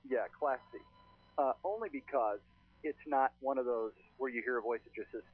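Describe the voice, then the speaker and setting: Male ghost-hunter guest, chatty storyteller, husky, dry phone sound. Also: mid-range voice, normal speed, dry recording. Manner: chatty, storytelling, frequent "uh" fillers. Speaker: paranormal investigator guest. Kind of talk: casual podcast chat. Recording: thin phone-line sound.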